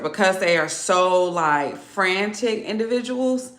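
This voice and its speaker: A woman giving a casual zodiac reading, chatty and animated, laughing often. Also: lowish voice, takes it slowly, echoey room. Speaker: tarot reader.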